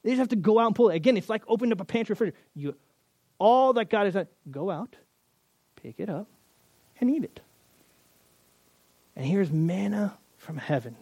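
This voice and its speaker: A man preaching a sermon in a conversational, animated way, often acting out the voices of the people in his story. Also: high voice, brisk, pauses often, dry recording. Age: adult. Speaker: pastor.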